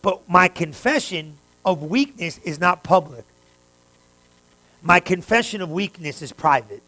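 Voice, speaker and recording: A man pastor preaching a sermon, talking straight to his congregation and building to fervent, loud stretches. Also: high voice, lively intonation, unhurried. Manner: preaching with rising fervor, direct address to the congregation.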